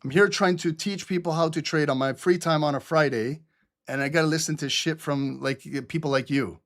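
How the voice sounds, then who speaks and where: A man's voice: fairly high pitch, a little fast, fairly bright tone. A middle-aged man hosting a live trading stream, blunt, sarcastic and profane, with typing heard behind him.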